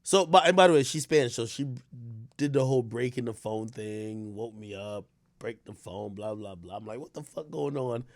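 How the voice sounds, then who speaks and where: A man talking casually on his stream, rambling with stammered restarts, dropping to low mutters and rising to shouts. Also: moderate pace, no echo, studio quality. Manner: frequent stammered restarts and fillers. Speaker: streamer host.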